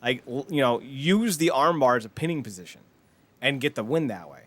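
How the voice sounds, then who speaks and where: A man's voice: mid-range voice, expressive, brisk, fairly bright tone. A man co-hosting a wrestling podcast, talking eagerly in casual chat and packing his speech with fillers. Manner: eager, filler-heavy talk with quoted asides. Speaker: podcast co-host.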